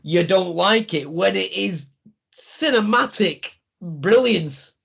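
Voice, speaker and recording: A man's voice: high-pitched, animated, takes it slowly, creaky, fairly bright tone, husky. A man co-hosting a wrestling podcast, talking enthusiastically and laughing as he retells the show. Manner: enthusiastic, laughing, acts out crowd reactions. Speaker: podcast co-host. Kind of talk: casual chat. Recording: dull lo-fi sound.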